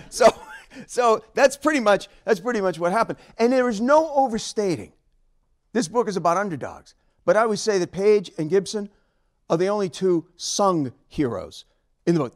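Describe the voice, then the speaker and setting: A man speaking as an author at a book talk, telling stories in an animated, emphatic way and chuckling along. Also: sits high. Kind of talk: storytelling lecture.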